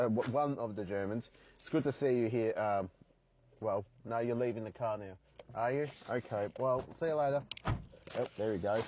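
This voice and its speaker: Husky Australian guy rambling in his car. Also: mid-range voice, darkish tone, highs cut off. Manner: rambling, self-mocking, crude jokes. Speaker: podcast host. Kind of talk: solo rambling podcast chat. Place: parked car.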